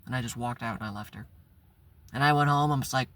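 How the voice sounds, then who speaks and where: A man's voice: medium pitch, fast talker, long pauses, fairly bright tone, dry recording. A man hosting his own channel, telling a personal story in a candid, blunt way and swearing freely. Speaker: channel host. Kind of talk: casual vlog storytelling.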